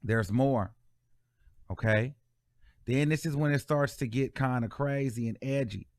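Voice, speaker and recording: A man's voice: medium pitch, a little slow, pauses often, a little mellow, dry recording, studio quality. A man hosting casual celebrity gossip commentary, chatty and full of fillers as he scrolls through posts.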